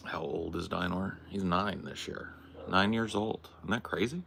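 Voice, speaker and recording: Low, creaky man chatting on stream. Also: moderate pace, fairly bright tone, slight background noise. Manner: talks baby-talk to his dog in a high voice; answers chat questions offhandedly. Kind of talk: casual live-stream chat. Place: home, near a porch.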